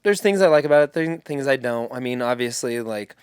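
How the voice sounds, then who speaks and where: A man's voice: medium pitch, lively intonation, brisk, clear, resonant tone, dry recording, clean studio sound. A man co-hosting a podcast, chatting loosely about a fantasy series, rambling and swearing casually. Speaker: podcast co-host.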